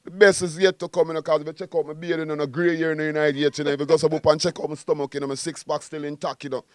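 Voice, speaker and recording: A quick, boastful Jamaican man talking in an interview, with a fairly high, smooth voice. He sounds animated and keeps coming back to the same phrases. The sound is dry and close to the microphone. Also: no echo. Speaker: guest musician. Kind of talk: casual interview.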